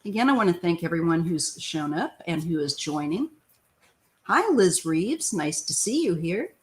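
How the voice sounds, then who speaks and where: A woman's voice: fairly low pitch, very animated, normal speed. Chatty woman greeting live viewers. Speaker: tarot reader hosting a live chat. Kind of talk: casual live-stream chat. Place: home, near the front door.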